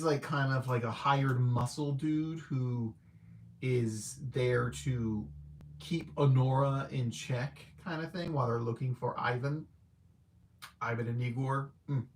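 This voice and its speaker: A man giving a casual, rambling spoken movie review. He hesitates, leans on filler words, and chuckles at his own remarks. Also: medium pitch. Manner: rambling and hesitant, heavy use of "like" and "I don't know"; laid-back and conversational. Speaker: film reviewer.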